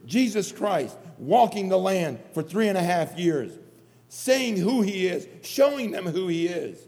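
A man's voice: high-pitched, sing-song, measured pace, a little mellow. A man preaching an earnest sermon, repeating phrases for emphasis. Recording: long hall reverb.

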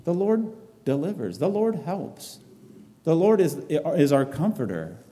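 Male preacher, very dark mellow tone, echoing hall, earnest halting delivery. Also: on the high side, very animated. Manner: repetitive, halting, earnest phrasing. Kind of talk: sermon, reading and expounding scripture.

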